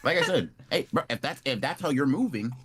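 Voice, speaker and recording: A young man co-hosting a podcast, teasing his partner in casual banter and breaking into high-pitched laughter. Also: expressive, a little fast, a bit bright. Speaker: podcast co-host.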